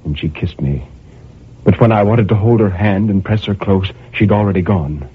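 Low, husky male storyteller, tinny sound. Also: normal speed. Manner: brooding, with impassioned outbursts. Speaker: narrator. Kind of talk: dramatic first-person story reading. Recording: tinny narrow-band recording.

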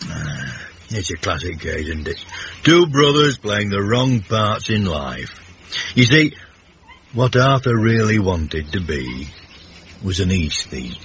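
A man's voice: sits low, big pitch swings, slow, a bit bright, full character voice. An actor playing a genteel, pompous middle-aged man in a radio comedy, speaking in an affected, prissy, theatrical way. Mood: wistful. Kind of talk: 1980s radio comedy acting. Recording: dull, faintly hissy radio recording.

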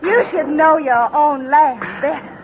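An actress playing a cold, vengeful young wife who taunts her husband slowly and deliberately, in 1940s radio acting style. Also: high voice. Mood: mocking. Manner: calm, taunting, slow and deliberate. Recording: tinny old radio broadcast, faint hiss.

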